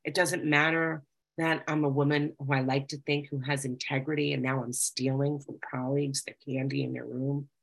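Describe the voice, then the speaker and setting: A woman's voice: extremely low pitch, flat delivery, normal speed, creaky, low-quality recording. A middle-aged woman giving an earnest, confessional talk about recovery, reading passages aloud and reflecting on them. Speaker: speaker sharing recovery experience.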